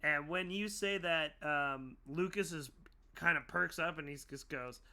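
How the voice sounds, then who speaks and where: A man narrating a tabletop role-playing game as game master, laughing often and slipping into quick character voices. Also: fairly high pitch, sharp tone.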